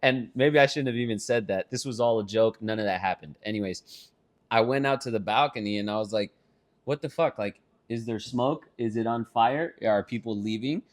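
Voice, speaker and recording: A man's voice: lowish voice, moderate pace. A young man co-hosting a podcast with his sister, telling a story casually and swearing a lot. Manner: profane, animated storytelling. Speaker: podcast co-host.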